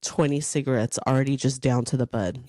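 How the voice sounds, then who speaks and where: A woman in her thirties, hoarse and raspy from coughing, co-hosting a casual podcast chat in an animated way. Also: a bass voice. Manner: animated, chatty, quick to laugh. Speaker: podcast co-host.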